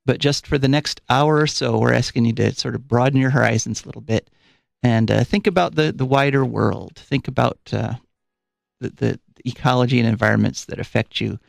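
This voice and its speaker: Gravelly, chatty radio host man. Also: medium pitch, a little fast, no echo. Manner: chatty, rambling with fillers. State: a little out of breath. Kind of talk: live call-in radio show. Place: radio studio. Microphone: studio microphone.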